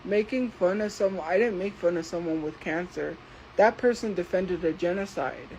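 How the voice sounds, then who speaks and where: Slow, deliberate woman livestreamer. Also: on the low side, a little mellow, slight background noise, low-quality recording. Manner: slow, deliberate, defensive, replying to commenters. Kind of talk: live stream talking to chat.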